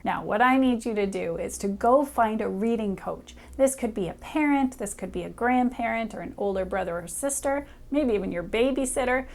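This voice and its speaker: A woman reading teacher who talks brightly and encouragingly to a young child, sounding out letters slowly and clearly. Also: fairly high pitch. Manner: cheerful, encouraging, speaks directly to a child. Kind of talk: upbeat children's reading lesson.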